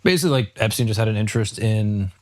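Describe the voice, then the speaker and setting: A man's voice: fairly low pitch, animated, quick pace, no room sound. A man co-hosting a comedy podcast, telling stories in a joking manner and laughing often. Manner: joking, laughs often, does voices in quotes. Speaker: podcast co-host. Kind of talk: casual comedic chat.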